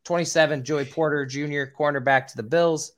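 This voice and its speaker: A man hosting a casual podcast who stumbles over names and swears now and then, with a voice he calls squeaky. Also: steady tone, fairly quick, fairly bright tone. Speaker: podcast host.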